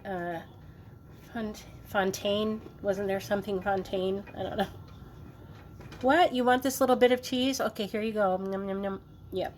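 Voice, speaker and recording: A woman's voice: medium pitch, a little hiss or hum. A woman hosting a cooking video, chatting casually in a playful, joking way while she works in her home kitchen. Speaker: cooking vlogger.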